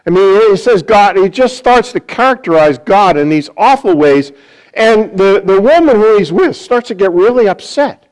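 A man's voice: high-pitched, expressive, normal speed, rough recording. An older man giving a sermon as a guest preacher, rambling and joking at his own expense. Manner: rambling, self-deprecating humor.

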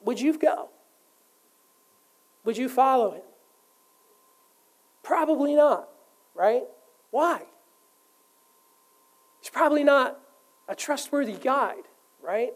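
A woman's voice: high-pitched, animated, slow pace, pauses often, low-quality recording. A woman preaching a sermon in an earnest way, putting questions to her listeners. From United States.

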